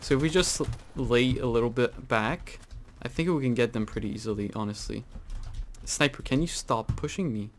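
A man giving casual, rambling commentary over his own gameplay, full of fillers and sudden excited outbursts. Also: medium pitch, moderate pace, a little hiss or hum. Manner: chatty, rambling with many fillers, bursts into excited exclaims. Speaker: gaming channel host.

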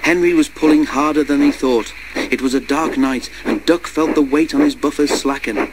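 A man narrating a children's storybook in a steady, measured way and doing the character voices. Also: a little high. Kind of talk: storybook read-aloud. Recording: noisy recording.

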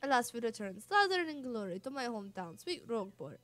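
A woman's voice: a little high, sing-song, fairly quick, fairly bright tone, no room sound, faint music behind. A woman voicing a vain, boastful adult male showman with a put-on Spanish-flavored accent, speaking grandly and theatrically.

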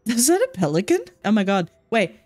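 A woman streaming a story game, chatting and laughing as she reacts. She swears freely and reads lines aloud in between. Her voice sits at an ordinary middle pitch. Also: big pitch swings, a little fast, a little mellow. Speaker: VTuber streamer. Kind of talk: casual game commentary and reading aloud.

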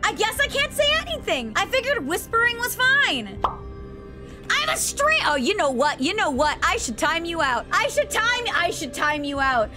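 A woman streaming a horror game, excitable and jumpy, yelping, shouting and laughing. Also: extremely high pitch, moderate pace, over music. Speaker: VTuber streamer.

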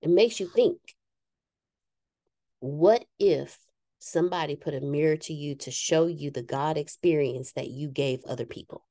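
Frank, warm-voiced woman speaker. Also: low voice, unhurried, dry recording, clean studio sound. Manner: frank and self-deprecating, acts out quoted voices. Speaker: speaker addressing a live group. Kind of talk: candid motivational talk.

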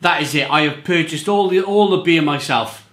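A man's voice: on the high side, moderate pace, fairly bright tone, roomy sound. A man reviewing beer in a casual, rambling monologue, often repeating himself and stressing his points.

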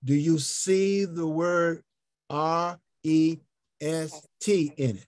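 A man teaching a health ministry group over an online call, slowly spelling out and repeating words as he invites answers. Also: on the high side, fairly even intonation, a little mellow, dry recording. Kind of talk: interactive online teaching talk.

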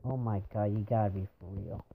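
A young male gamer with a lowish voice and vocal fry comments a little fast on his own gameplay, frustrated and repeatedly exclaiming and groaning at his failures. It's captured on a dull lo-fi home mic with faint hiss.

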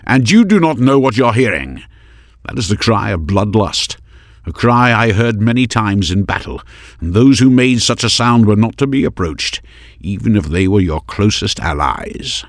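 A man's voice: fairly low pitch, expressive, normal speed, no echo, clean studio sound, pitched above the performer's own voice. A man voicing a stern veteran warrior in an audiobook, firm and grave as he warns.

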